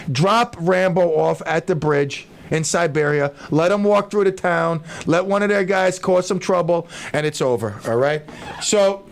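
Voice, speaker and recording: Guy doing his radio show, high gravelly voice, stumbles and restarts a lot, goofy rambling. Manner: rambling, stammers and restarts, jokey. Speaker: radio talk show host. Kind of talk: casual talk radio monologue.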